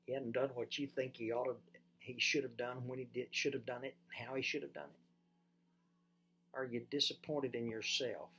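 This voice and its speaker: Brief: pastor delivering a sermon, animated emphasis that drops to soft, low asides, addresses listeners with questions. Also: normal speed, slight background noise. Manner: lively, swings from loud emphasis to soft and low.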